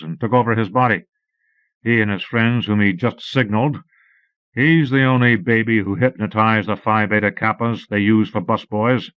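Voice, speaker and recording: A man reading a pulp short story aloud as an audiobook narrator, in a measured storytelling read. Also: mid-range voice, no room sound. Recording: dull lo-fi cassette audiobook.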